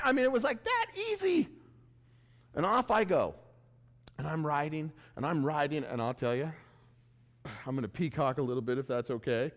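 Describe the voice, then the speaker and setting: Animated, high-voiced male keynote storyteller. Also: in a large hall. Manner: animated, self-mocking, acts out his own reactions. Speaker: keynote speaker. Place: large event room before an audience.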